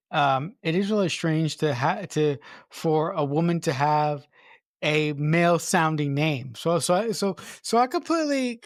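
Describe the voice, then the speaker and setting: A podcast co-host in casual film discussion, talking haltingly with many repeated words and restarts. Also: mid-range voice, no room sound, clean studio sound.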